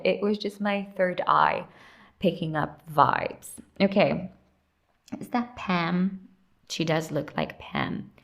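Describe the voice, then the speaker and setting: Young woman vlogger, low-ish gravelly tone, blunt sarcastic running commentary. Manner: blunt, sarcastic, talks to herself while sorting. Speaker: YouTuber ranking TV characters. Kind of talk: casual opinionated commentary.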